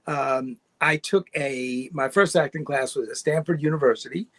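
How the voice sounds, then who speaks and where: A middle-aged man from New York, a guest actor telling his story in a relaxed, rambling way and laughing often. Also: medium pitch, moderate pace, dry recording. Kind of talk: casual interview storytelling.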